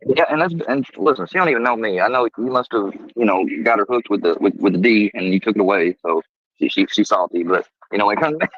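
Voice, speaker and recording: A blunt, rambling man talks quickly in a lowish voice as a live-stream guest, cursing freely. The sound is dull and lo-fi, like video call audio. The room is dry. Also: animated, no room sound. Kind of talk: casual live-stream chat.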